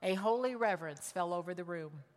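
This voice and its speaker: A woman preaching a sermon, telling a story with emotion and shifting from loud cries to hushed words. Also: on the low side, brisk, big-room sound. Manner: emotional, swings from loud exclamations to hushed tones.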